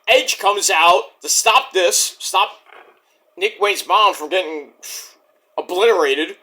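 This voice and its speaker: A man with a high, bright, forceful voice rambles through a wrestling recap. His pitch swings widely as he jumps between retelling and crude side comments. It has the loose, unscripted feel of a casual vlog. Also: measured pace, pauses often. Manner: animated, rambling, profane asides. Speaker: wrestling show reviewer.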